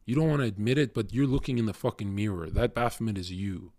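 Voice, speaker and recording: A man's voice: on the low side, fast, mellow, dry recording. A young man streaming and lecturing his chat in a crude, cocky, swearing monologue. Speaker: livestreamer talking to chat. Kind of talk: casual blunt stream monologue.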